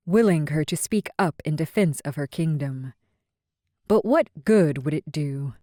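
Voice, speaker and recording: A woman narrating a romance audiobook in a measured, even storytelling manner. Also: low-pitched, no room sound, clean studio sound.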